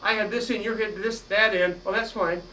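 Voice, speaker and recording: A man performing a magic trick for a live audience, teasing them playfully and drawing shouted answers back from them. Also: sits high, steady tone, fairly quick. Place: magic store lecture room, indoors. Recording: distant mic with noisy live room.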